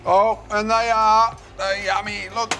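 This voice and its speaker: A man's voice: high voice, flat delivery, a little slow, bright, forceful tone, soft background music. An Australian man hosting a cooking show, chatting in a friendly, jokey way as he works, on a lapel mic. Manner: friendly, jokey, thinks aloud while working. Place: kitchen set.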